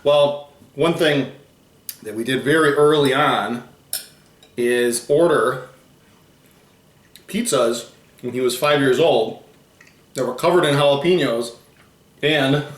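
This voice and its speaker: A man's voice: mid-range voice, takes it slowly, pauses often, roomy sound. A man hosting a food tasting video in casual chat, explaining facts he reads off the packaging. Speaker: host of a food challenge channel.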